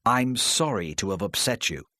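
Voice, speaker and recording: A man playing a patient male police inspector who questions in a calm, measured way. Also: on the low side, no echo, studio quality. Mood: probing.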